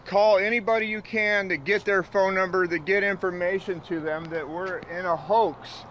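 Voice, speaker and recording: Agitated preachy man, high voice, outdoor phone stream with traffic noise. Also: steady tone, moderate pace, a bit bright. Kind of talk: livestream rant.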